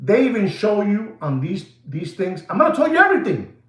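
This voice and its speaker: Brisk and high-voiced, the man hosting this watch channel goes on an animated, theatrical rant for his viewers. He's excitable and slips into Spanish now and then, all captured with a roomy echo.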